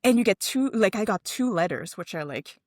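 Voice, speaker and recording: A woman co-hosting a casual chat, telling a story with lively acted-out dialogue. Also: brisk, no echo, clean studio sound. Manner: animated storytelling, acting out dialogue with big pitch jumps. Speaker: podcast co-host.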